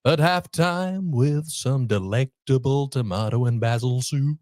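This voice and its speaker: A man's voice: medium pitch, darkish tone, no echo, studio quality, lightly acted. Man doing a drawling, dreamy rock crooner. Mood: crooning. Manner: drawn-out, crooning delivery. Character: slow drawling male rock singer, dreamy.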